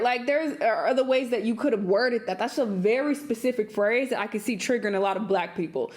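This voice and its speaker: A woman's voice: on the high side, lively intonation, brisk, hardly any pauses, a little mellow. Blunt, laughing young woman reacting. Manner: blunt, swearing, laughs often, mimics others. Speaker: reaction video host. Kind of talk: casual reaction commentary.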